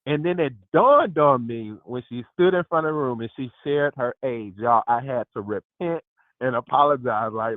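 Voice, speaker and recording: A man in his fifties hosting a lively group call, exuberant and emphatic, often calling out to his listeners. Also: mid-range voice, normal speed, no echo. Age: 50s. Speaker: host. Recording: dry tinny phone line.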